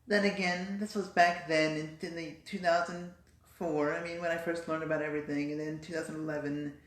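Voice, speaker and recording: A woman's voice: deep voice, flat delivery, brisk. A woman in a casual vlog, explaining and demonstrating voice techniques. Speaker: vlogger. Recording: roomy echo.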